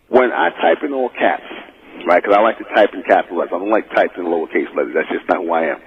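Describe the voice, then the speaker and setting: Guy preaching on talk radio, gravelly, sounds like a phone line. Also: on the low side. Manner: preachy, emphatic. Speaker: radio host.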